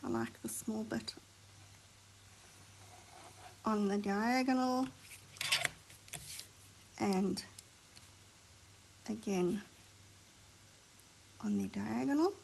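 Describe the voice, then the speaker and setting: A woman hosting a craft tutorial, chatting and thinking aloud as she works, sometimes dropping to a soft near-whisper while she concentrates. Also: medium pitch, sing-song, takes it slowly, gravelly, long pauses, slight background noise, poor audio. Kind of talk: chatty hands-on craft demonstration.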